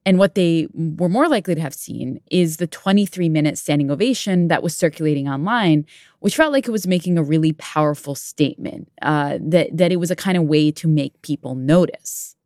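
A woman's voice: low voice, a little fast, darkish tone, no room sound, clean studio sound. A woman co-hosting a talk podcast, thinking aloud in a casual, chatty way. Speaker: podcast co-host. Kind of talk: conversational radio chat.

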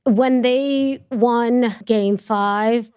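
New woman, kinda high voice, animated storyteller on stage, laughs a lot. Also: drawn-out words, a little hiss or hum. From New York City. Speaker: podcast host, guest. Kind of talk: lively storytelling in a live interview. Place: live event space with an audience.

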